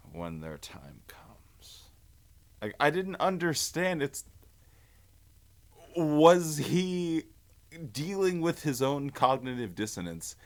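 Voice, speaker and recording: A man hosting a casual commentary video, rambling and wondering aloud as he talks. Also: mid-range voice.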